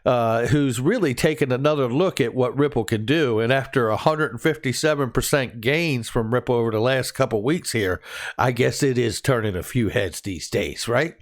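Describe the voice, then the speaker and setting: A man hosting a casual crypto news show, chatty and upbeat, joking now and then and laughing at his own quips. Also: medium pitch. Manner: upbeat and enthusiastic. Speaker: crypto news channel host.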